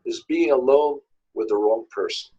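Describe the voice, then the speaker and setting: A man with a New York accent, a divorce lawyer being interviewed, telling stories in a lively way and acting out voices, often repeating words as he searches. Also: mid-range voice, normal speed, dull audio. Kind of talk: animated storytelling interview.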